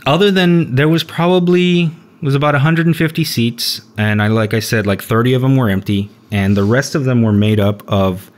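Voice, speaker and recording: A young man hosting a podcast, telling a story in a relaxed, rambling way with lots of fillers. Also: mid-range voice, moderate pace. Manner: rambling, laid-back storyteller with frequent fillers. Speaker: podcast host. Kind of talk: casual storytelling chat.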